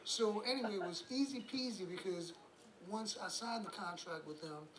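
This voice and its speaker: A man's voice: high-pitched, moderate pace. Chuckling New man spinning a yarn. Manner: rambling anecdotes, chuckling, acts out quoted voices. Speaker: musician guest. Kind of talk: casual storytelling interview. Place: room on a cruise ship. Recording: roomy with background noise.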